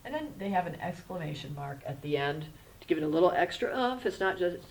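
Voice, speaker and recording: A woman teaching a kindergarten handwriting lesson. She is patient and gentle and spells words out letter by letter. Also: fairly low pitch, animated, a little fast, poor audio. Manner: gentle, instructive.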